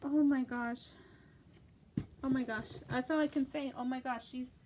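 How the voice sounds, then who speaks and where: A woman's voice: high-pitched, brisk. Gushing craft vlogger woman, noisy room. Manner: gushing, excited, gasping exclamations. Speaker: craft channel host. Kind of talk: casual unboxing chat. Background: paper crinkling.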